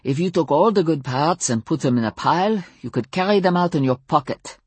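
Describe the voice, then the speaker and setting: A woman voicing a grumpy older male mechanic with a German accent, growling and muttering slowly. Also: low-pitched, lively intonation, a little mellow, husky, dry recording. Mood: grumbling. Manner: growling, muttering, slow and surly.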